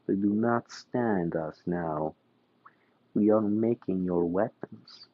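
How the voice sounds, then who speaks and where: A man's voice: fairly low pitch, takes it slowly, no room sound. A man putting on a groveling gang boss, fake Russian accent. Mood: boastful. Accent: put-on Russian. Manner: pleading, jittery. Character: male yakuza gang boss, nervous and groveling. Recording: dull, dry recording.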